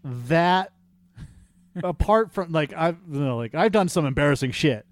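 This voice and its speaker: A man chatting casually on a podcast as co-host, an animated storyteller who swears and fills with "like" and "you know". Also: fairly high pitch, measured pace, no echo, studio quality. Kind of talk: casual chat.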